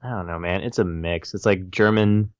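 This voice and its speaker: Low, smooth-voiced podcast man. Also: normal speed, no room sound. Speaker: podcast co-host. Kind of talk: casual chat. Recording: dull lo-fi sound.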